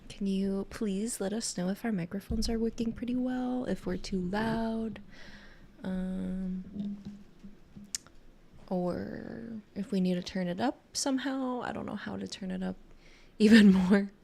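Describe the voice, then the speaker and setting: A woman's voice: mid-range voice, fairly even intonation, unhurried, gravelly, dark tone, a little hiss or hum. A young woman co-hosting a podcast in casual chat, playful and giggly while testing her mic. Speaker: podcast co-host. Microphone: headset or desk mic with headphones.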